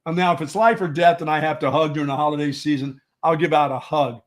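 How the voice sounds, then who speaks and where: A man's voice: fairly high pitch, steady tone, fast talker. A man co-hosting a sports radio show, telling rambling stories in casual banter and often restarting his words.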